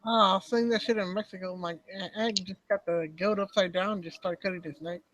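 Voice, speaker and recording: High-voiced man chiming in. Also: fairly even intonation, fairly quick, crowd noise, rough recording. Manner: brief interjections. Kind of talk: casual chat.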